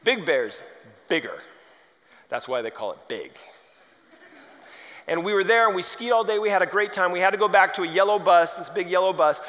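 A man's voice: sits high, lively intonation, moderate pace, pauses often, a bit bright. A man preaching a sermon, firing off rhetorical questions and telling humorous stories. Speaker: pastor. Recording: long hall reverb.

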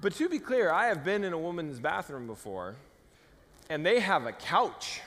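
A man's voice: fairly high pitch, moderate pace. A man preaching a casual, humorous sermon as pastor, acting out little voices for his stories. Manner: animated, jokey, acts out voices. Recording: long hall reverb.

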